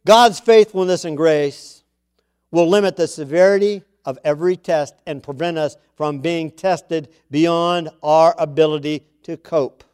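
A man's voice: a little high, a little slow, darkish tone, clear, resonant tone. A man preaching a sermon to his congregation in a conversational way, with chatty asides and emphatic repeats of key words. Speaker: pastor.

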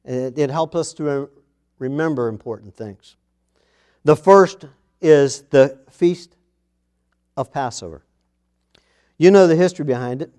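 A man preaching a sermon in an unhurried, deliberate way, with a voice that sits a little high for a man. He reads scripture with strong emphasis, then drops to quiet, hushed asides before rising again into loud, dramatic declaring. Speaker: pastor.

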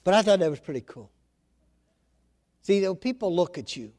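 A man preaching a sermon as pastor, talking casually with his congregation, calling on people by name and building to loud, emphatic lines. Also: high voice, expressive, moderate pace. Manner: conversational, calls on members of the congregation by name.

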